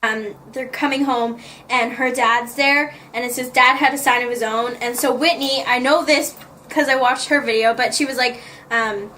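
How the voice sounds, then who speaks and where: A woman's voice: fairly high pitch, steady tone, moderate pace, bright, forceful tone, far from the mic, slight background noise. A woman vlogger chatting in a gushing way about the notes she wrote in a book, often laughing. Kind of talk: casual chat, reading out her notes.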